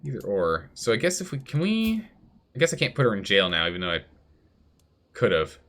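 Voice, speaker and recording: A man's voice: fairly low pitch, huge pitch swings, moderate pace, a bit bright. Chatty man streaming strategy gameplay. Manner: chatty, thinks aloud, reads chat. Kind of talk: live gameplay commentary.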